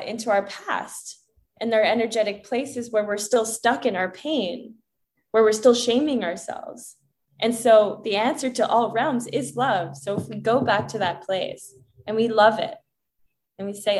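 A woman guest in a casual spiritual chat, earnest and preachy, acting out gentle inner dialogue. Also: a little high, unhurried.

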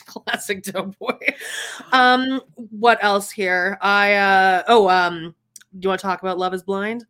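A woman's voice: mid-range voice, fairly even intonation, slow, a bit bright. A woman co-hosting a podcast, chatting casually about TV shows, rambling and laughing often. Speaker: podcast co-host. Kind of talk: casual chat.

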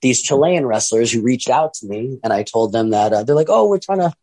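This middle-aged wrestling promoter and trainer rambles through a casual storytelling monologue, doing the voices of the people he quotes. His medium-pitched voice has a darkish tone and a fairly quick pace, captured dry and close with no echo.

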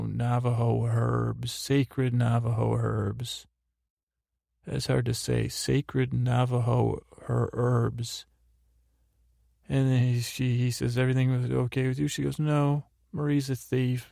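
A man hosting a sleep podcast, slowly retelling episodes in a meandering way full of fillers and restarts. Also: medium pitch, creaky, darkish tone, dry recording, clean studio sound. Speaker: podcast host. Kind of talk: rambling bedtime recap.

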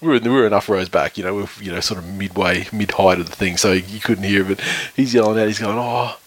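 Fast, sweary man. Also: lowish voice, dry recording. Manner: sweary, rambling, laughs often. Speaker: podcast co-host. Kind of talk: casual sports chat.

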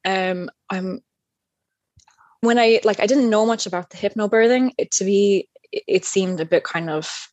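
A woman's voice: medium pitch, normal speed, a little mellow, dry recording. A woman telling her birth story as an interview guest, candid and rambling, with plenty of fillers and laughs. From United States. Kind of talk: casual chat.

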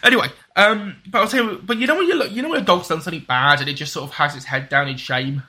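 A fast-talking man with a slightly high, pushed and bright voice co-hosts a casual podcast chat. He rambles and interrupts himself, often restarting his sentences.

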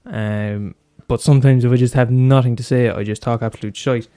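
A man hosts a solo podcast, rambling casually with heavy swearing, lots of fillers and frequent restarts. His mid-range voice is mellow and steady, moving fairly quickly.

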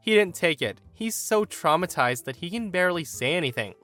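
A man's voice: sits high, animated, a little fast, pushed and bright, soft background music. Man putting on an indignant entitled mother. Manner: dismissive, indignant. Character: entitled defensive mother, middle-aged woman.

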